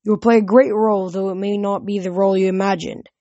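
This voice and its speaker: A woman voicing an ancient, fading nature god who speaks slowly and solemnly. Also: mid-range voice, steady tone, warm tone, no room sound, muffled recording, natural voice. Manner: slow, solemn, forlorn.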